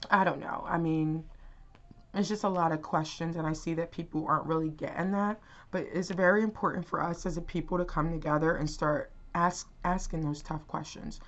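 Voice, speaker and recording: Young woman, tarot vlogger, deep register, loose filler-heavy delivery, muffled home audio. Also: steady tone, moderate pace. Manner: rambling, many fillers and restarts. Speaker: tarot reader. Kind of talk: casual tarot reading to camera.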